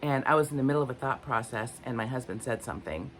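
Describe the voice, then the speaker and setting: A woman's voice: very deep voice, fast, slight background noise. An older woman vlogging unscripted, candid and rambling, often searching for her words. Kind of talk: unscripted personal talk to camera.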